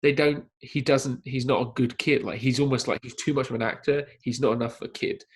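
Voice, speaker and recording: A man co-hosting a casual film podcast, telling an anecdote in a lively way and acting out the quotes. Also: mid-range voice, fairly quick, breathy edge. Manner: lively storyteller who acts out quotes. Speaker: podcast co-host. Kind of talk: casual podcast chat about films.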